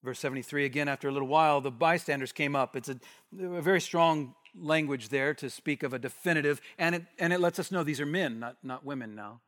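A man preaching an expository sermon, animated, acting out the voices in the passage he reads. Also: a little high, quick pace, long reverb tail. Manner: animated, acts out the bystanders' challenge.

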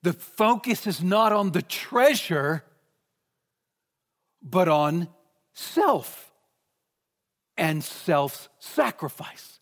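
Male preacher, high voice, measured and emphatic sermon delivery, reverberant church hall. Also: big pitch swings. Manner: emphatic, swings between raised and hushed delivery. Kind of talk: expository sermon. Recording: long reverb of a large hall.

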